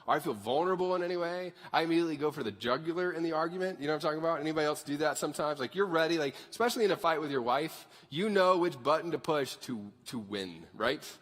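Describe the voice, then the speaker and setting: Male pastor, bright high voice with wide swings, conversational and joking, preaching in a reverberant hall. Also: fast, hardly any pauses. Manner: animated, conversational, jokey. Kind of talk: sermon. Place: church sanctuary.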